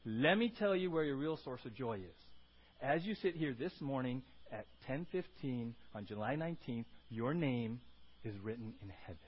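A man preaching a sermon as pastor, animated and acting out quoted voices, then dropping to a soft prayer. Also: medium pitch, moderate pace, breathy edge, muffled recording.

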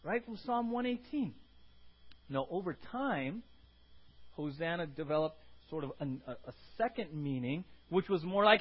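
A man preaching to his congregation in an animated way, often checking in with "right?" and bursting into acted shouts. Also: sits high, normal speed. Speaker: pastor. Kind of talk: sermon. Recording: muffled lo-fi sermon recording.

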